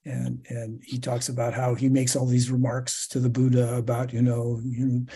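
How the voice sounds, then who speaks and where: A man adding a thought in a casual group sharing, measured and stumbling over restarts. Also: medium pitch, monotone, dark tone, husky.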